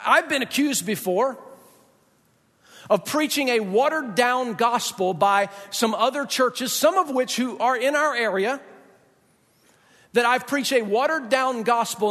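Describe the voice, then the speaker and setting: A man preaching a sermon as pastor, talking in an emphatic, conversational way with dramatic pauses. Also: very high voice, a bit bright. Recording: long hall reverb.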